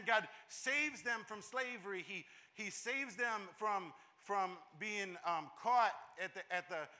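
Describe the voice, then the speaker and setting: Preaching a sermon, this male pastor has a high, very bright, piercing voice and an emphatic tone from start to finish. He drives points home by repeating them and often stumbles, restarting phrases.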